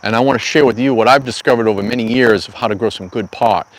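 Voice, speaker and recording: A man's voice: medium pitch, quick pace, rough recording. A middle-aged man talks casually on a live stream from an outdoor garden. He rambles through stories with folksy, slangy asides, sounding like an easygoing host chatting with regular viewers. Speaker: cannabis grow channel host.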